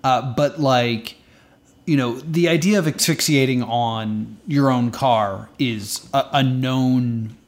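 A podcast co-host talking in loose, casual chat with quick restarts. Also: medium pitch.

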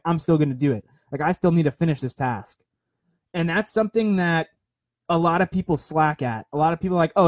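A man's voice: fairly high pitch, no room sound. A young man talking casually and rambling, who keeps repeating himself and checking in with "right?". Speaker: speaker sharing a motivational story. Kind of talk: casual monologue.

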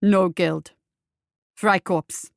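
A woman voicing a gruff male mercenary who answers in curt, clipped phrases. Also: high voice, fairly even intonation, drawn-out words, no room sound, clean studio sound, heavily acted. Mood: firm.

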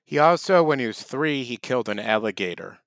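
A man's voice: mid-range voice, lively intonation, a little fast, a bit bright, no room sound. Wry, mock-serious male podcast host. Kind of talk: casual comedic podcast banter.

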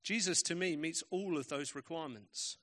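A man preaching a sermon in a bright, ringing voice that sits a little higher than most men's. He tells stories with emphatic, varied pacing. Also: moderate pace.

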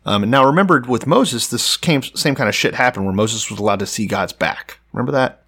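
A man's voice: mid-range voice, animated, brisk, a bit bright, slightly rough. A man co-hosting a casual, irreverent Bible podcast, joking and swearing, and reading scripture passages aloud. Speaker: podcast co-host.

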